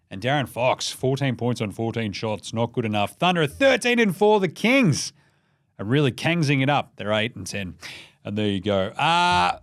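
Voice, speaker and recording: A young man with an Australian accent hosting a casual basketball recap, sweary and excitable, rambling between scores and jokes. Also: medium pitch, dry recording, clean studio sound. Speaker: NBA recap podcast host.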